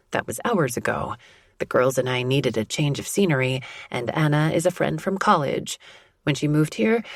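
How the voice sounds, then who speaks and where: A woman reading a romance audiobook in a soft, intimate first-person narration. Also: low-pitched, no room sound, studio quality.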